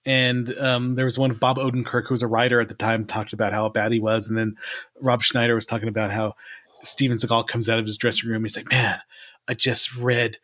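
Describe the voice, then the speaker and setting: A man's voice: mid-range voice, level tone, quick pace, a bit bright. A man with an ordinary mid-range voice co-hosts a podcast, chatting loosely. He laughs often and pokes fun as he talks. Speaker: podcast co-host. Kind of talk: casual chat.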